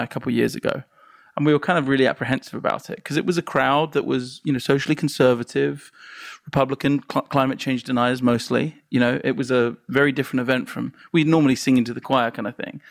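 A filmmaker telling animated stories in a conversation, acting out crowd reactions and laughing along. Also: male voice, mid-range voice, fast talker, creaky, dry recording, studio quality. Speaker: filmmaker and guest.

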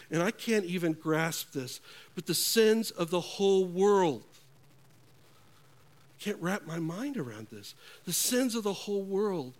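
Man preaching slow and earnest, kinda high voice, goes quiet for effect. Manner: slow, earnest preaching with dramatic hushed drops. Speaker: pastor. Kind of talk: sermon.

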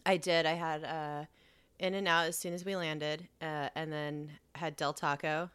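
A woman in relaxed casual chat who swears freely and laughs easily. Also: low-pitched, measured pace, smooth.

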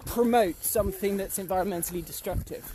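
A man's voice: high-pitched, brisk, dark tone. A man on a casual walk outdoors, talking in an impassioned way and firing off repeated rhetorical questions. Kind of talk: casual chat. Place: outdoors, walking uphill.

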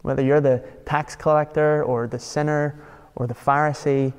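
Gravelly-voiced man preaching a sermon. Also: fairly high pitch, flat delivery, normal speed, big-room sound. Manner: conversational, emphatic preaching with rhetorical questions. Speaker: pastor.

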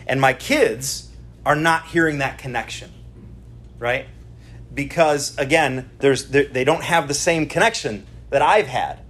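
A middle-aged pastor with a fairly high, slightly bright voice delivers a conversational sermon at a church service, chatty and often checking in with the congregation. There is a little hiss or hum in the audio.

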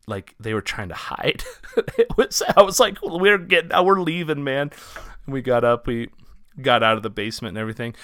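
A man from Ohio, co-hosting a podcast, tells a story in a rambling, casual way full of fillers, and grows animated as it builds. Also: fairly low pitch, dry recording, studio quality. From Ohio, USA. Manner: rambling, filler-heavy, animated when excited. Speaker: podcast co-host.

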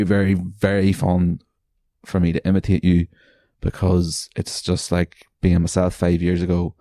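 A man's voice: low voice, dark tone, no echo. An Irish man hosting a podcast, rambling through a story with lots of swearing and self-mockery. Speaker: podcast host. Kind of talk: casual monologue. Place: bedroom.

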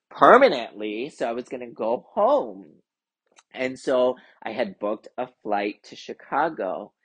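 A woman's voice: a bass voice, slightly rough. An American woman hosting a spiritual podcast, telling a personal story in a chatty way with lots of "like" fillers. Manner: chatty, many "like" fillers, animated retelling. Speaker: podcast host and intuitive card reader. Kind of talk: casual storytelling monologue.

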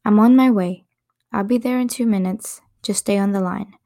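A woman voicing a young man, a worried, gentle boyfriend who talks softly and reassuringly. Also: medium pitch, normal speed, natural voice. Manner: soft, reassuring.

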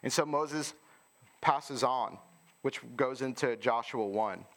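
A man's voice: medium pitch, slow, fairly bright tone. A man preaching a sermon in an informal, conversational way, often asking listeners rhetorical questions.

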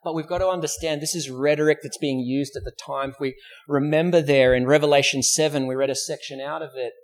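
An Australian man preaches in a church, his voice pitched a little above the usual male range. He tells the story with drama, slips into the voices of the people in it, and keeps putting questions to his listeners. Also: steady tone, fast talker. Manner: asks rhetorical questions. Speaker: pastor. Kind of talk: sermon.

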